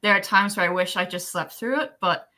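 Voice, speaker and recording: A woman's voice: medium pitch, brisk, pushed and bright. A woman appearing as a podcast guest, chatty, giggly and candid in casual conversation. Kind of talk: casual chat.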